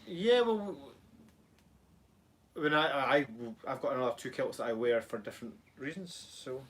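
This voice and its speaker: A Scottish man co-hosts a casual live stream in a medium-pitched, slightly bright voice with lively intonation and a moderate pace. He jokes around, rambles, and reads viewer comments aloud.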